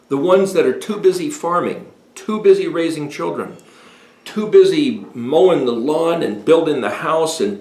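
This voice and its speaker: A man in his sixties giving a deliberate, emphatic talk explaining Hebrew words as a home Bible teacher. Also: fairly high pitch, a little mellow. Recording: echoey room.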